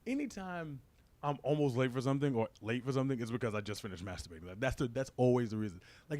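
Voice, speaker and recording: A young man performs a crude stand-up routine, rattling through a story fast and throwing "right?" at the audience. His mid-range voice is expressive, with a darkish tone.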